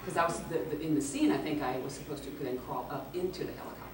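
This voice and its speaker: A woman guest at a convention Q&A, telling a lively anecdote, acting out the quotes and laughing often. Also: low-pitched, rapid-fire. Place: large echoey convention hall. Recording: echoey hall, distant mic, background noise.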